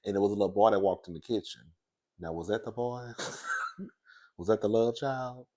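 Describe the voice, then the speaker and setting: A man dishes celebrity gossip in a loose, sassy way. He laughs often and swings between high, excited squeals and hushed, secretive whispers. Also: moderate pace. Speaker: commentary host.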